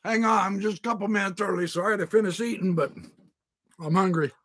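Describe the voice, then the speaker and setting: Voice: medium pitch, brisk, husky. A livestream host chatting playfully with viewers while talking through a mouthful of food. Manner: playful, greets viewers by name, exclaims loudly. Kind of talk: casual live-stream chat.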